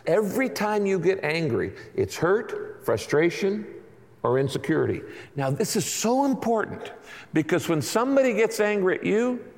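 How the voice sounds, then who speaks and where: Man preaching in a reverberant hall. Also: high-pitched. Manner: conversational preaching with acted-out asides. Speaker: pastor. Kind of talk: sermon. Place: large church auditorium.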